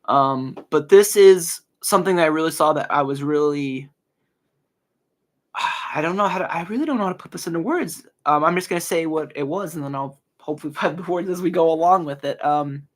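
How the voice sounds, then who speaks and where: A man's voice: on the high side, a little fast. A young man in his early twenties hosting a casual solo podcast, talking earnestly with many fillers and restarts. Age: early 20s. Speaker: podcast host.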